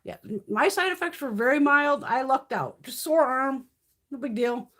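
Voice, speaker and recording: A woman in her fifties talks casually to her live-stream viewers, swearing freely and telling animated stories. Her voice sits a little high and is somewhat husky. Her pitch swings widely as she talks. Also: moderate pace.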